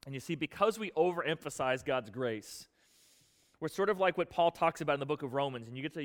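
A male pastor preaches in a bright, forceful voice pitched a little high. He talks to the congregation casually, tossing in slang and rhetorical questions, then sinks into a low hush to drive home a solemn point. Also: long reverb tail. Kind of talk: sermon.

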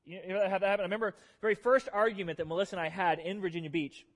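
Man, pastor, high voice, animated joking sermon, long hall reverb. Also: rapid-fire. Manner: animated, joking, self-deprecating. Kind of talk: humorous sermon storytelling. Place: church sanctuary.

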